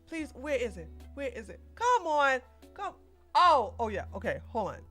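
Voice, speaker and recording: A woman hosting a live-streamed political podcast, talking in an excitable, theatrical way and laughing often. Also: sits high, moderate pace, faint music behind. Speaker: podcast host.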